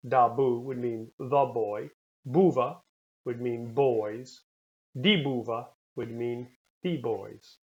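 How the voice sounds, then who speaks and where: A man with a mid-range voice teaching a recorded language lesson. He sounds out each word slowly and carefully, then repeats it for the learner. The recording is a little dull and lo-fi. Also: mid-range voice. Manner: slow, careful pronunciation drills.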